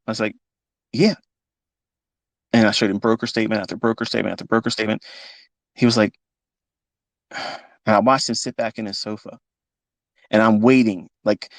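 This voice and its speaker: Blunt, gravelly fifty-year-old man. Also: fairly low pitch, no room sound. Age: 50s. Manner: emotional, blunt, swears freely. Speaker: trading mentor. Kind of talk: off-the-cuff live audio talk.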